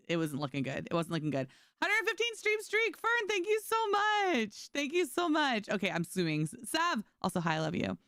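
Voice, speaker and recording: A woman's voice: fairly low pitch, fairly bright tone, smooth, dry recording, studio quality. A woman from New York streaming a game, reading chat aloud and answering it in a chatty, sarcastic way. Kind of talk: casual chat with stream chat while gaming.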